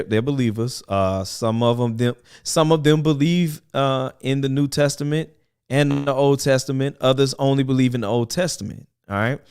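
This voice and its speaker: Animated male talk radio host. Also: mid-range voice, clear, resonant tone. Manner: animated, preachy, repeats himself, laughs often. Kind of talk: casual talk radio monologue.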